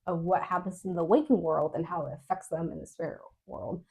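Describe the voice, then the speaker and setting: A woman co-hosting a podcast, telling a story in casual chat, animated and laughing often. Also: on the low side, brisk, vocal fry. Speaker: podcast co-host.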